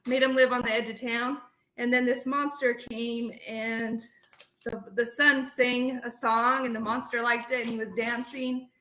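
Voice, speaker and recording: A woman who teaches preschool retells a picture book in a loose, chatty way. Her voice sits a bit high and sounds bright. It comes over a video call from an echoey room. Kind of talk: casual sharing in a class discussion.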